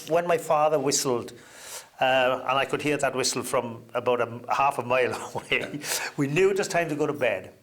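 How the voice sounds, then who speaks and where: An older man sits as an interview guest and unspools anecdotes at an easy pace. His voice stays at a middling pitch but jumps up now and then as he gets into a story, broken by ums and uhs. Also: a little fast, fairly bright tone. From Wales. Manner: reminiscing, with hesitant fillers and sudden lifts in pitch.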